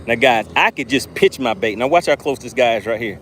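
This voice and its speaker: A man hosting a live fishing stream from a boat, excitedly talking to his viewers and reading their chat aloud. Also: medium pitch, a little fast, slight background noise. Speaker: fishing channel host. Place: on a boat on open water. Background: jet skis and outdoor ambience.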